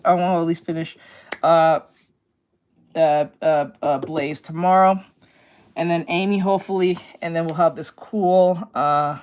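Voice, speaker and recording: A woman art streamer in casual live-stream chat, slangy and calling her viewers bro. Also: lowish voice.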